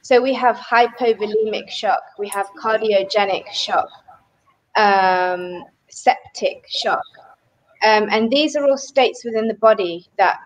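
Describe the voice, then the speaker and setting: A woman guest explaining medical terms in a measured way. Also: mid-range voice, low-quality recording.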